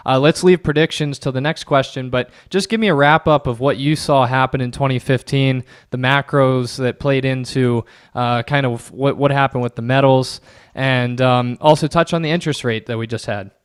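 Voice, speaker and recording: A man hosts a podcast interview in a smooth, resonant voice. His pitch sits in the middle range. He asks his questions in a friendly, clearly paced way. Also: fairly even intonation, moderate pace, no echo, studio quality. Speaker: podcast host. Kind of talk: interview hosting.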